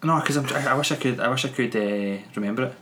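Young man, podcast co-host, rambling casual film talk, swears freely, rapid pace, echoey room. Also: medium pitch, a bit bright, slight background noise.

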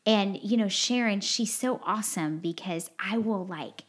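A woman's voice: mid-range voice, measured pace, slightly rough. A woman hosting a podcast, sharing personal feelings in an earnest, rambling, heartfelt way with lots of fillers. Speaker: podcast host. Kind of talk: candid confessional podcast chat.

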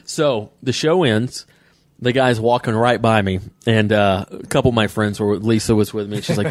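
A man co-hosting a podcast, telling a heated story in casual chat with an animated, worked-up manner. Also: lowish voice, normal speed. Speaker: podcast co-host, comedian.

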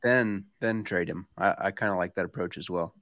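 A man's voice: low voice, fairly quick, fairly bright tone, no room sound, clean studio sound. Stuffy-nosed man co-hosting a podcast. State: stuffy from allergies. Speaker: podcast co-host. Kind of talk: casual sports betting chat.

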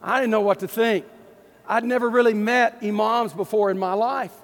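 High-voiced Texan pastor in a hall. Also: male voice, normal speed. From East Texas. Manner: folksy, animated anecdote telling. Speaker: Baptist pastor. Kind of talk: storytelling sermon. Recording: long hall reverb.

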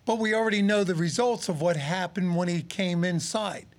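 A man's voice: high voice, moderate pace. A man in his sixties, a former pro football player and radio analyst, chatting casually about the game and animatedly acting out quotes as he tells stories. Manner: animated storyteller, acts out quotes. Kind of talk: casual sports talk.

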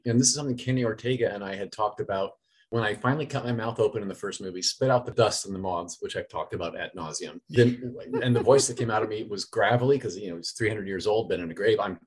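Middle-aged guy, husky low voice, gushing and laughing in an interview. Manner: enthusiastic, laughing fan talk. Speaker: actor being interviewed. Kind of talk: casual interview answers.

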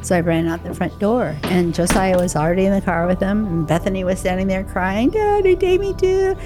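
A woman's voice: fairly low pitch, steady tone, a little fast, music in the background. An older woman telling a personal story in a conversational way, acting out remembered dialogue. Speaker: interview guest.

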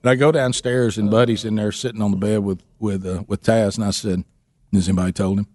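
A man's voice: fairly low pitch, fairly even intonation, fast, darkish tone, no room sound, clean studio sound. A man hosting a radio show, telling a story in a playful, teasing way and acting out the quotes. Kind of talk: casual on-air storytelling chat.

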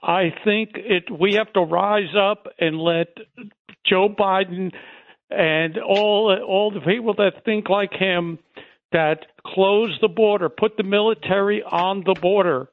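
A man calling in to a radio show with a gravelly voice, emphatic and halting. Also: sits high, fairly even intonation. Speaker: caller. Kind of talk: phone call to radio show. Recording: tinny phone line.

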